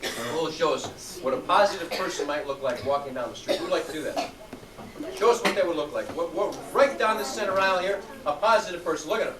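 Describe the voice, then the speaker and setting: A man's voice: on the high side, brisk, a crowd in the background. Brief: middle-aged male youth instructor, encouraging, heard from far off in an echoey, noisy room. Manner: upbeat, encouraging, calls out to students. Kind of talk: classroom coaching. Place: large room with student tables.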